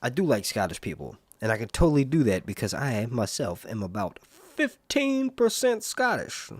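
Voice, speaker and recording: A man's voice: mid-range voice, wildly swooping pitch, moderate pace, no room sound. A man hosting a casual live stream, rambling and joking while he reads viewer comments. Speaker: live stream host reviewing a TV series.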